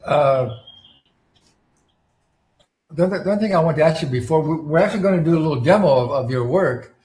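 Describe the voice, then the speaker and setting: Easygoing male host, stop-start phrasing, slightly raised voice, roomy echo on the recording. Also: a little high. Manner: relaxed, halting, lots of restarts. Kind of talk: casual interview. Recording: echoey room.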